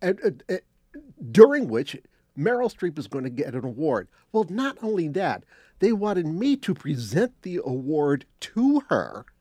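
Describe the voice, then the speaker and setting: An older man telling a casual anecdote as a guest, animated, acting out quotes and restarting phrases. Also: on the high side, measured pace, no echo, studio quality. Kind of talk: casual storytelling.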